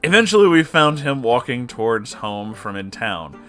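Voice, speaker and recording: A man reading an online story aloud with expressive, sarcastic, swearing asides. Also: mid-range voice, normal speed, loud music behind the voice. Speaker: story reader.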